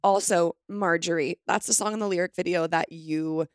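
A woman's voice: on the low side, steady tone, normal speed, no echo, studio quality. A young woman co-hosting a casual podcast, talking in a gushing, rambling way and filling her speech with "like.". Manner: gushing, rambling, heavy use of "like". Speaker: podcast co-host.

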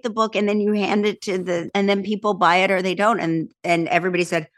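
A woman, chatting as an interview guest and telling animated, laughing stories. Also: mid-range voice, a little fast, few pauses. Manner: animated storyteller, acts out voices, laughs often. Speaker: talk show host and author, guest. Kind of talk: casual interview chat.

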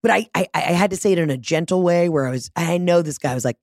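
A woman hosting a podcast, telling a story in a casual, animated and profane way, mocking herself, on a close studio mic. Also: on the low side, fast, hardly any pauses, no room sound. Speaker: podcast host.

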